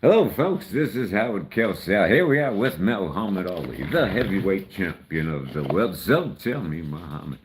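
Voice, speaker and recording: A brash old-school sportscaster, as a man imitates him. He announces in clipped, staccato bursts, raised and loud. The delivery stays punchy. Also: deep voice, sing-song, moderate pace, few pauses, slight background noise, pitched above the performer's own voice. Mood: announcing. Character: brash older male sportscaster impression.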